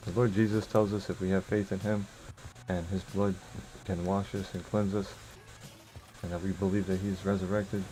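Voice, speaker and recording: A man talking through a live game stream in a loose, rambling way, with lots of filler words and little chuckles. His voice sits fairly low and sounds mellow and relaxed. A faint hiss stays under him the whole time. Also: rough recording. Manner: chuckles often while talking. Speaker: gaming streamer. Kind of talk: casual live-stream chat while playing.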